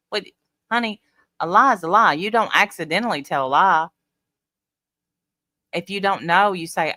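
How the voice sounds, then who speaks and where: A woman's voice: fairly low pitch, unhurried, pauses often, pushed and bright, dry recording. A woman hosting a casual livestream, chatting bluntly and talking back to her viewers' comments. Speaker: livestream host. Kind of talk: casual live chat reading comments.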